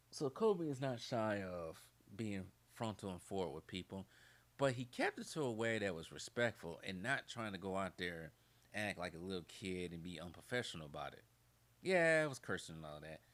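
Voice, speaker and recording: A man hosting his own channel, giving casual opinion commentary in an animated, ranting way. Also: low-pitched. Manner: animated, ranting, laughs often.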